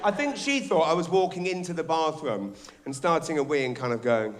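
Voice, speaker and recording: Middle-aged man, stand-up comedian, lively swooping delivery, slightly raised pitch, theatre stage, handheld mic. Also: fairly quick, a little hiss or hum. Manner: animated, shouting bits, rambling restarts. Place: theatre stage before a live audience.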